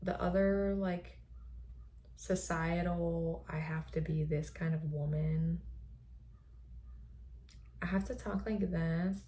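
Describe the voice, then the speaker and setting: A woman host in a reflective personal monologue, speaking softly and often slipping into a breathy whisper. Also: on the low side, steady tone, slow pace, long pauses. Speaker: podcast host.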